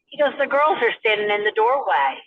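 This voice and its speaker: A woman's voice: on the high side, sing-song, brisk, narrow, tinny audio. A woman calling in to tell a ghost story, acting out the voices of the people in it. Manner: storytelling, acts out quoted voices. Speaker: caller.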